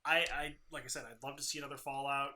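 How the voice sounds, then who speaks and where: A man's voice: mid-range voice, level tone, quick pace, pushed and bright, slight background noise. A man co-hosting a casual gaming podcast, giving rambling, opinionated commentary on game news. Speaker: co-host.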